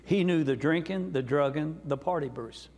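A gravelly man in his sixties with a drawl, telling his testimony from the pulpit in a folksy, earnest way. His voice sits a little high, and it rings out in a reverberant church sanctuary with a long echo. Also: normal speed. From North Carolina. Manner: folksy, earnest, warm storyteller. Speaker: guest preacher. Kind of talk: sermon testimony storytelling.

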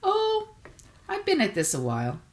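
A cheerful woman dental assistant with a lilting, sing-song voice, put on by a woman reading a storybook. She talks brightly and reassuringly to a nervous patient, her pitch lifting above the reader's own. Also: huge pitch swings, normal speed, full character voice.

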